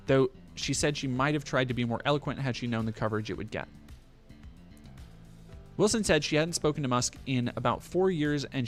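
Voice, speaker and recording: A man of middle pitch reads a news story aloud on a stream, with faint music playing under him. He keeps breaking off to add blunt, profane, sarcastic asides. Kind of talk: casual commentary on a news article.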